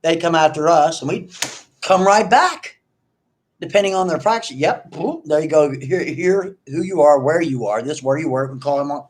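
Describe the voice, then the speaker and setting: A middle-aged man ranting in a commentary vlog, animated and mocking. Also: fairly high pitch, moderate pace. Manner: animated, mocking, mimics others in exaggerated voices. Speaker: online video commentator.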